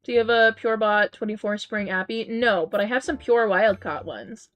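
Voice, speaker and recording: A woman streamer with a mid-range, slightly bright voice chats casually with her viewers at a normal speed, reading their messages aloud. She giggles often and keeps restarting sentences with plenty of ums. She's on a headset mic, with faint game music behind her.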